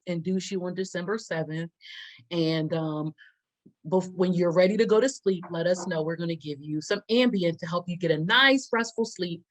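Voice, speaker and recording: A young adult woman co-hosting a podcast, telling a story in a lively way and acting out the quotes. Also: lowish voice, poor audio. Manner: animated storyteller, acts out quotes with loud laughs. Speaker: podcast co-host. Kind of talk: casual storytelling chat.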